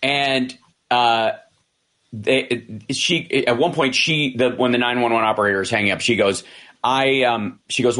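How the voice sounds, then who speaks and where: This male commentator has a mid-range voice and a measured pace. Chatting casually, he gives an animated retelling of events, performing the quotes and often restarting or using fillers.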